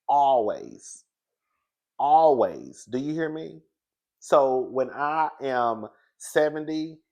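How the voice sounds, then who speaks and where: Chatty guy reviewing a reality show, animated, laughs a lot, keeps saying girl. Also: medium pitch. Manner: laughs often. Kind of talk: casual commentary.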